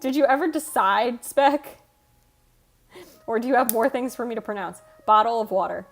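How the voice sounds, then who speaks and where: An American streamer with a Michigan accent chats casually on a livestream, answering her chat in a talkative, self-teasing manner. Her voice is a little high at a moderate pace, with faint music in the background.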